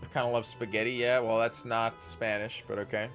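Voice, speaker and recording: A man's voice: medium pitch, flat delivery, fairly quick, a bit bright, faint music behind. A man streaming a game, reading its text aloud and rambling casually with his chat, correcting himself as he goes.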